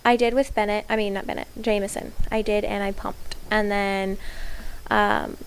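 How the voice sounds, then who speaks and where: A woman's voice: mid-range voice, little pitch movement, normal speed, poor audio. A young woman in casual chat, sharing birth stories, talking loosely and laughing often. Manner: chatty, laughs often, acts out quotes. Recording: faint background noise.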